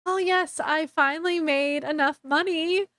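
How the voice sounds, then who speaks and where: A woman's voice: high-pitched, steady tone, unhurried, fairly bright tone, no echo, studio quality. A woman book reviewer casually recapping a story, chattily retelling scenes in quoted dialogue.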